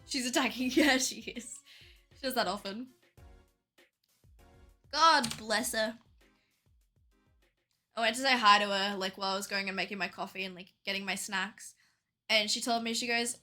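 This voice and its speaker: A young woman with a strong Australian accent chatting casually on a livestream, peppering her talk with "like" and quick laughs. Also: mid-range voice, pushed and bright, faint music behind. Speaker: streamer.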